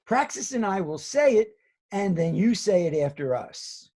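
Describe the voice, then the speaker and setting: A man teaching a children's drama lesson, giving slow, soothing guided instructions. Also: high-pitched, big pitch swings, dark tone.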